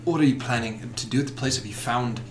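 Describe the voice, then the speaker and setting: A man's voice: medium pitch, quick pace, roomy sound, voice pushed down, close to an everyday voice. Volo, a man playing an eager penniless scholar. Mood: chatty. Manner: chatty, friendly, overly familiar.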